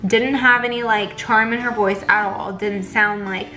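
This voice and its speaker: A woman's voice: medium pitch, steady tone, moderate pace, sharp tone, soft background music, rough recording. A young pregnant woman, chatting casually in a vlog and retelling a bad appointment with lots of fillers. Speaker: vlogger.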